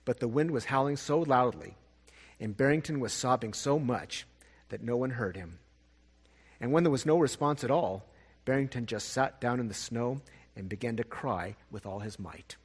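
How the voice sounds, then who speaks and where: Storyteller, male, husky and gentle, long reverb behind. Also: mid-range voice. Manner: gentle, expressive, slow at sad parts. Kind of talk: storybook reading.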